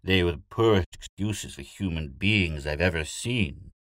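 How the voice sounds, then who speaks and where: A man with a deep voice voicing a fretful, wealthy middle-aged male hunter who grumbles and complains in a storybook reading. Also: animated, measured pace, a bit bright, no echo, studio quality. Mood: scornful.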